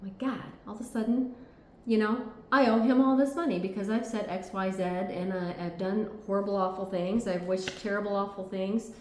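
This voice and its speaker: A woman's voice: medium pitch, level tone, moderate pace, few pauses, darkish tone, roomy sound, a little hiss or hum, close to an everyday voice. A woman mimicking a spiteful younger ex-partner who is suddenly caught out, talking in a flustered rush.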